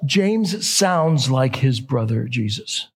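A man's voice: mid-range voice, animated, slow, breathy edge. A middle-aged man preaching a sermon in a conversational way, often correcting himself mid-sentence. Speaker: pastor.

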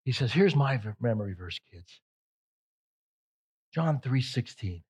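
A pastor preaching a sermon with emphatic delivery, repeating phrases for effect. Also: male voice, medium pitch, expressive, unhurried, a little mellow, husky.

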